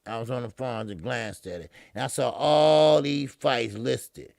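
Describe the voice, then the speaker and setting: Man, gravelly, dry close sound, casual fight commentary, profane street talk. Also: medium pitch, unhurried, dry recording. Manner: profane, loose street-talk, laughs at himself; loud excited blow-by-blow when action starts. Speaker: boxing commentator.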